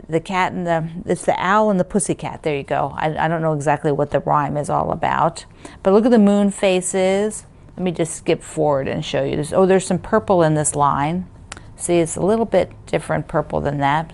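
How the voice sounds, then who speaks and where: Woman, quilting vlog host: chatty and rambling, gushing over fabric, somewhat low voice. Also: creaky, darkish tone. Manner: chatty, enthusiastic, rambling with fillers. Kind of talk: casual chat.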